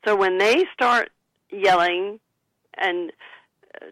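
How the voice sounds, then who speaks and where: A woman author and psychic, a guest on a radio talk show, calmly giving advice and suggesting what to say. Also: mid-range voice, slow, pauses often, no room sound, poor audio. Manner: calm, counseling, gives sample phrases to say.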